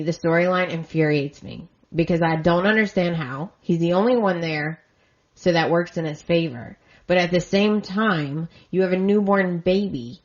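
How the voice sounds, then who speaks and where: A woman hosting a podcast talks in an earnest, emotionally invested way. Her voice is low and her delivery unhurried. The recording sounds dull and lo-fi. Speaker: podcast host. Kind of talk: emotional recap monologue.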